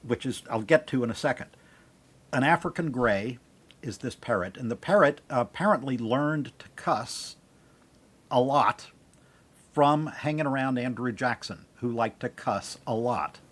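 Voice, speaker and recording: A man's voice: medium pitch, unhurried, a bit bright. A man co-hosting a podcast, telling a history anecdote and a joke in casual chat. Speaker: podcast co-host.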